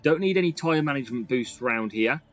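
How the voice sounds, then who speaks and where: A man giving lively, excitable commentary over a racing game he is playing. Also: mid-range voice, fast talker, muffled recording, soft background music. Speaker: gaming YouTuber. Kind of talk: gameplay commentary.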